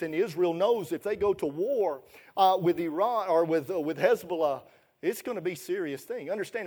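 A middle-aged man preaching a sermon as an evangelist, folksy and colloquial, his voice rising loud and then dropping low.

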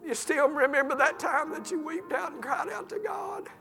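Man, preacher, impassioned revival sermon, bright and high, reverberant church hall. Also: normal speed, vocal fry. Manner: fervent, impassioned preaching with cries of emotion. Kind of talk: revival sermon with altar call. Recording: reverberant hall with soft music.

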